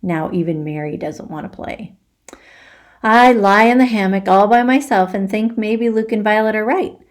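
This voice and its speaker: A woman teacher reading a children's book aloud for virtual story time, slow and expressive. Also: mid-range voice.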